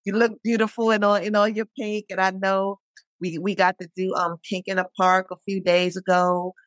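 A podcast host speaking haltingly with many fillers while thanking and questioning a guest. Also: medium pitch, level tone, a bit bright, no room sound. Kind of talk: conversational interview.

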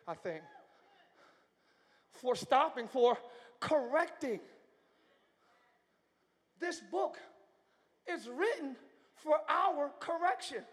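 A male pastor preaching a live sermon in a large church, moving from hushed talk to shouting. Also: very high-pitched. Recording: long church hall reverb.

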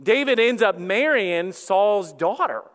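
With a high voice and a slow pace, this man serves as lead pastor and delivers a sermon. He narrates animatedly, voicing the characters himself, and the recording carries a long hall reverb.

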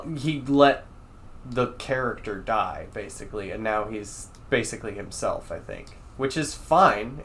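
A man co-hosting a casual chat. He is animated, swears freely and acts out quotes in exaggerated voices. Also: on the low side, slight background noise.

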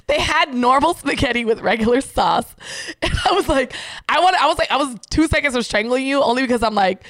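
A woman chatting with a friend, telling stories with lively impressions, frequent laughter and cursing. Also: a little high, fairly quick, no room sound. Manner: animated storytelling with laughter and cursing. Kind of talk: casual chat.

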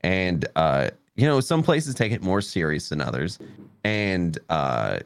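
Low-voiced man rambling. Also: very animated, unhurried, clear, resonant tone. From Memphis, Tennessee. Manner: rambling with many fillers. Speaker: podcast guest. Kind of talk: casual storytelling.

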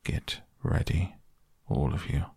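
A stern badger chief giving quiet orders in a very deep, gravelly voice, as a man reads him in a storybook. It is close and dry, slow and firm. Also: no room sound, exaggerated voice. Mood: hushed. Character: stern old male badger leader, gruff and commanding.

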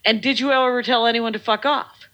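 Fifties woman ranting about an old job, cusses a lot, high bright voice. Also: a little fast, muffled recording. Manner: animated, profane, laughing storyteller. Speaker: podcast guest. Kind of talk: casual storytelling chat.

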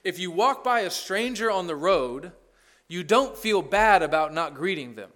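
A man's voice: high voice, lively intonation, moderate pace, fairly bright tone. A middle-aged man preaching a sermon in a casual, joking way, often checking in with "right?". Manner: conversational, sarcastic humor, asks "right?" often. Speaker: pastor.

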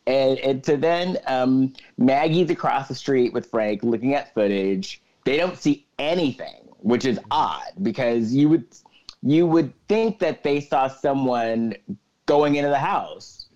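A man's voice: mid-range voice, lively intonation, measured pace, a little mellow, lo-fi sound. A man co-hosting a podcast, recapping a movie plot at length in casual chat, stringing scenes together with "so then.". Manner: retells the plot at length with many "so then" fillers. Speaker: podcast co-host.

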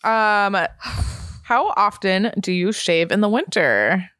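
A woman's voice: medium pitch, animated, slow, a bit bright, dry recording, studio quality. A young woman co-hosting a podcast, chatting candidly and giggling. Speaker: podcast co-host. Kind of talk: casual chat.

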